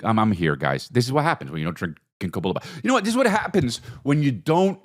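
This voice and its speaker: A man's voice: on the high side, huge pitch swings, moderate pace. A man hosting a podcast, rambling through a profane, comedic solo monologue that jumps between topics. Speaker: podcast host.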